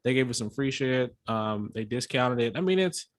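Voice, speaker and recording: A man in his thirties chatting easily on a casual podcast, with offhand swearing. His voice is at a plain middle pitch. The sound is close and dry. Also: animated, normal speed, no echo. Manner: laid-back, conversational, casual swearing. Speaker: podcast co-host. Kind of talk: casual chat.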